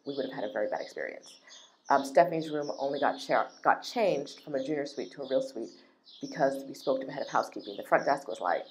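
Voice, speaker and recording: A woman's voice: low-pitched, a bit bright, a little hiss or hum. A woman running a travel business, ranting in a vlog with an indignant, emphatic manner and lots of repetition.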